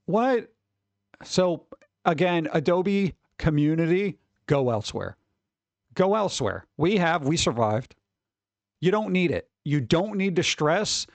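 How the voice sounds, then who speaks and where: A man's voice: high voice, animated, takes it slowly, dry recording. A man hosting a stream, chatting casually in a rambling way, with some swearing and chuckles. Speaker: streamer host. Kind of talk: casual chat.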